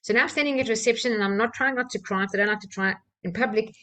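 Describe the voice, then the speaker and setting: A woman, a personal-development trainer from South Africa, telling a candid personal story with soft laughs and fillers. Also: fairly high pitch, very fast.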